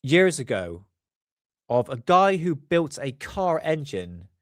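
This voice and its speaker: A man's voice: on the high side, very animated, slow pace, no room sound, clean studio sound. A man hosting a casual livestream, rambling and chatty with a blocked-up nose. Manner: rambling, chatty, self-correcting. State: congested, stuffy sinuses. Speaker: livestream host.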